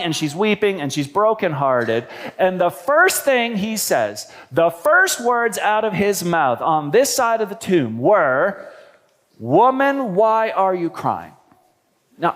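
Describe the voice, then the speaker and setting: A man preaching a sermon as pastor in a church, talking in an animated, conversational way with wry humorous asides. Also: high voice.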